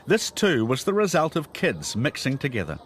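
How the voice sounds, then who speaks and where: A man with a New Zealand accent giving scripted documentary narration in a measured, storytelling way. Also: medium pitch, wildly swooping pitch, slight background noise. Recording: voice-over with music behind. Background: guitar music.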